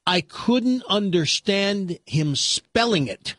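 A man, a talk show host, telling an exasperated story in a casual, animated way. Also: a little high, normal speed, breathy edge, dry recording, studio quality.

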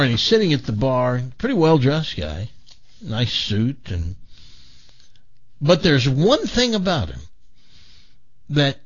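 A man hosting a talk show, telling a long joke in an animated way, restarting and repeating words as he goes. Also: mid-range voice, lo-fi sound. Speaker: radio show host.

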